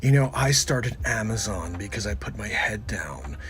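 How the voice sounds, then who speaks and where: A man doing a comedic impression of a self-satisfied retail billionaire, lecturing slowly and smugly. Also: fairly low pitch, expressive, fairly bright tone, slight background noise.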